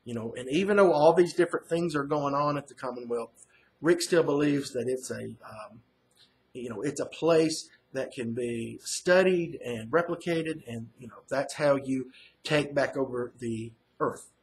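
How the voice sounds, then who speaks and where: Over a faint hiss or hum, a man with a medium-pitched voice takes his time summarizing a comic book issue. It's an offhand first-reaction review, rambling and crowded with fillers and false starts.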